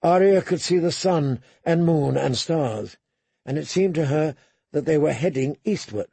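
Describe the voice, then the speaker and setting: A man narrating a story in a steady, measured reading, close to the mic. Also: a little high, gravelly, breathy edge, no room sound. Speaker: audiobook narrator. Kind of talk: scripted narration.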